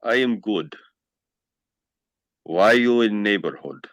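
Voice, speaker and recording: A man playing a huge mob guard who speaks broken English in a low, hushed voice. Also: expressive, slow pace, no echo, full character voice. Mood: hushed, menacing. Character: huge menacing-friendly male Russian mob guard.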